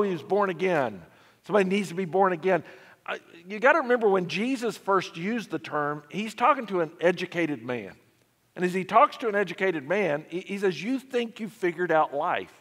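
A male pastor teaches a men's session in a conversational storytelling manner with frequent restarts. His voice sits a little high, and a long hall reverb trails behind it. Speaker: pastor leading a men's study. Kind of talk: sermon-style teaching. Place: church.

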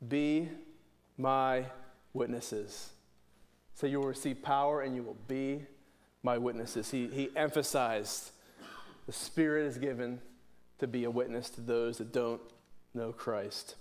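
A man's voice: mid-range voice, steady tone, measured pace, pauses often. A man from preaching a sermon in church, earnest, often restarting and repeating words. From Pittsburgh, USA.

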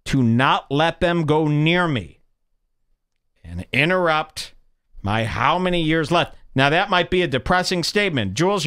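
Male podcast host, mock-serious sarcastic rambler, fairly high voice with big animated swings. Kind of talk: rambling comedic monologue.

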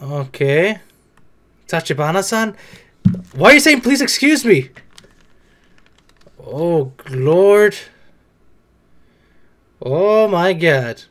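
A man's voice: high-pitched, fairly bright tone. A young man talking back at the screen in casual reaction commentary, chatty and swearing now and then. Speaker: reaction video host.

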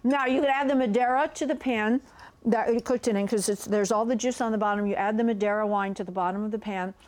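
A woman's voice: medium pitch, fairly even intonation, fast talker, darkish tone. A woman, a cooking guest on a TV studio set, chatting casually through a demo and gushing over the food with plenty of exclamations. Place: TV studio kitchen.

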